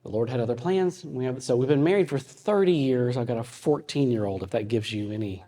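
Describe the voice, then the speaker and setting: A man in his fifties teaching a ministry audience in a conversational way, telling personal stories with frequent halting restarts. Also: mid-range voice, mellow. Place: meeting room with an audience. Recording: long hall reverb.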